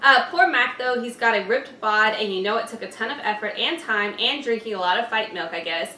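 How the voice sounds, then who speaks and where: Bright-voiced woman reading comments. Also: fairly high pitch, fairly quick. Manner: reads viewer comments aloud, chatty. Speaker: reaction channel host. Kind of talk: casual reaction commentary. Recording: echoey room, distant mic, faint noise.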